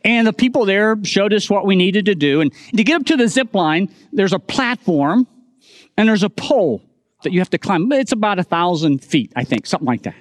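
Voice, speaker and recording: A man's voice: high voice, animated, brisk, dry recording, studio quality. A middle-aged man preaching a sermon as pastor, telling a humorous story and turning it into an earnest point.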